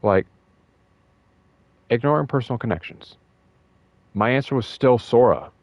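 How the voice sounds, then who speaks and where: A young man talking in a casual, rambling way about a fighting game, emotional and excited, with many fillers and restarts. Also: medium pitch, a little slow, no room sound, muffled recording. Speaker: gaming video host.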